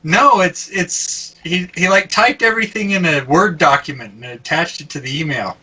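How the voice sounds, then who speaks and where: A man co-hosting a casual podcast, reading out a listener's email with halting restarts and frequent laughs. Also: a little high, sharp tone, slightly rough, far from the mic, lo-fi sound. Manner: halting, laughs often, stumbles over words.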